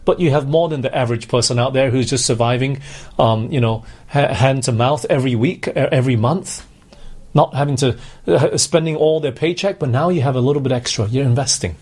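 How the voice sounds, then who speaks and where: A man's voice: mid-range voice, brisk, darkish tone, slightly rough. A man preaching a sermon, earnestly putting questions to his congregation.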